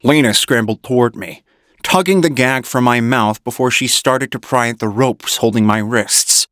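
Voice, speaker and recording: A man reading an audiobook in measured first-person narration. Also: medium pitch, a bit bright, no room sound, studio quality.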